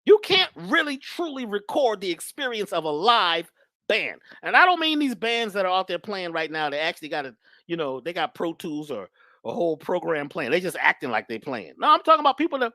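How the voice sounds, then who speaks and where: A woman's voice: mid-range voice, fairly bright tone, dry recording, clean studio sound. A woman guest speaker talking in an emphatic, preachy but casual way about spirituality and love. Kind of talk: spiritual talk, casual conversation.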